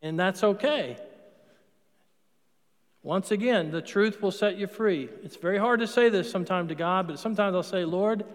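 A man with a notably high voice preaches a sermon as a priest. He keeps it conversational, asking the congregation questions and answering them himself. His words ring out with a long reverb, as in a large church. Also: normal speed. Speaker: Catholic priest.

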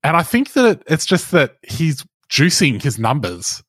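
A man's voice: on the high side, big pitch swings, measured pace, fairly bright tone, no room sound. A man co-hosting a casual podcast chat, talking with wry, dry teasing. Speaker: podcast co-host.

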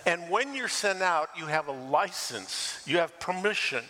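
An older man preaching a sermon as pastor, lively and animated, acting out quoted voices and laughing now and then. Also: fairly high pitch, unhurried, big-room sound.

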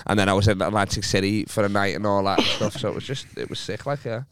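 A man's voice: fairly low pitch, steady tone, quick pace, smooth, no room sound. A man, a stand-up comedian telling rambling, crude road stories in casual podcast chat. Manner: rambling, crude, laughing storyteller.

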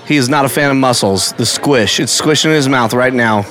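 A man's voice: mid-range voice, brisk, a crowd in the background. A playful man chats his way through a taco tasting. He recorded outdoors in a town. He teases his friends and calls out what they are eating. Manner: playful, jokey, narrates what others do. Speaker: co-host of a food review show. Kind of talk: casual food-tasting chat.

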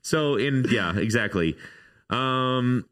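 A man's voice: mid-range voice, takes it slowly. A man, a pastor co-hosting a podcast, talking casually and jokingly as he steers the conversation. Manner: relaxed, joking, leads the conversation. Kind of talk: casual chat.

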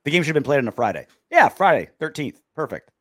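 A man's voice: fairly high pitch, sing-song, fast talker, dry recording, clean studio sound. A man co-hosting a casual post-game sports show, sarcastic and reading out listener comments. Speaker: podcast co-host.

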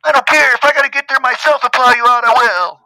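A shouting, bossy boss barks orders in a strained, high, bright voice, as a man puts him on. He sounds furious and demanding, yelling at his workers. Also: fast talker, no room sound, full character voice, low-quality recording. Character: angry bossy male cousin, yelling boss.

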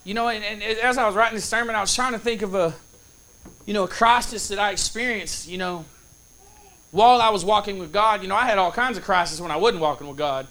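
A man delivers a sermon in a very high voice with a bright, forceful edge. He talks in a folksy, casual way and tells stories, pausing to ask for an answer from his listeners. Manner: storytelling with call-and-response asides. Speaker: preacher.

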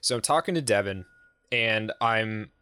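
A man's voice: on the low side, unhurried, clear, resonant tone, dry recording. A man telling a long road-trip story on a casual podcast, swearing freely and acting out the people he quotes. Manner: profane, animated, acts out quoted voices. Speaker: podcast host.

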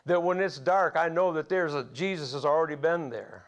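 A man's voice: on the high side, brisk. A man over forty preaching a sermon, telling folksy personal stories and laughing at his own tales. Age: 40s or older.

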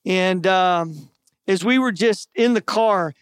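High-voiced man preaching a testimony. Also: slow pace, smooth, dry recording, studio quality. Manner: earnest storytelling with self-deprecating jokes. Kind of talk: sermon testimony storytelling.

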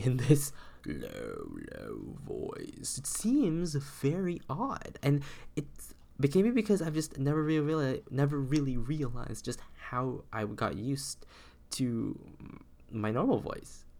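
Gravelly sick man rambling on a podcast. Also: mid-range voice, expressive, unhurried, a little mellow. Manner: meandering, self-interrupting, with frequent restarts. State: sick, voice lower than usual. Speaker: podcast host. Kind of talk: rambling solo podcast monologue.

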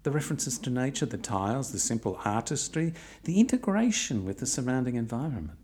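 A man's voice: medium pitch, big pitch swings, a little fast, a little mellow. A middle-aged man narrating his own long walk in a reflective way with dry, wry humour. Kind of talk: personal travel narration.

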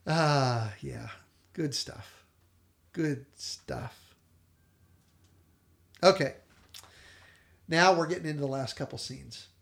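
A man co-hosting a podcast, animatedly retelling a TV episode and quoting the characters in quick little voices. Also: mid-range voice, gravelly. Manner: animated storyteller, quotes characters in brief voices, laughs often. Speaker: podcast co-host.

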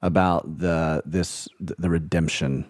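A man's voice: deep voice, fairly even intonation, a little slow, a little mellow, no echo, clean studio sound. A man hosting a faith podcast, asking long, winding, encouraging questions. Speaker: podcast host.

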